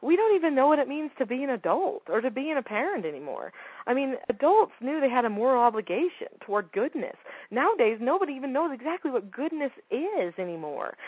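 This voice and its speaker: A woman's voice: a little high, husky, dry recording, highs cut off. A woman giving a talk on parenting, speaking emphatically and firing off rhetorical questions. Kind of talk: talk to an audience.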